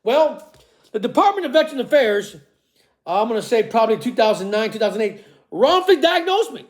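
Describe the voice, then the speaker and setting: High-voiced man in an angry profane rant. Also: very animated, fairly quick. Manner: profane, accusatory, repeats "okay?" and "all right?" tags; swings between shouting and low muttering. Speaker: vlogger. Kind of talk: angry confrontational monologue.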